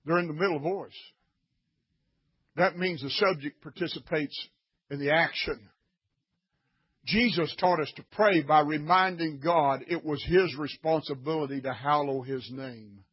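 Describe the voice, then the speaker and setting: A man preaching a sermon in a blunt, scolding way, swinging from quiet teaching to shouts. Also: fairly high pitch, measured pace, husky, lo-fi sound.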